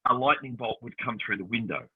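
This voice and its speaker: A man co-hosts a casual chat, telling lively stories and slipping into the voices of the people in them. His voice has a husky grain. It comes through tinny, like a phone line. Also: on the low side, fairly quick. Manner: animated storyteller acting out quoted voices. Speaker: podcast co-host.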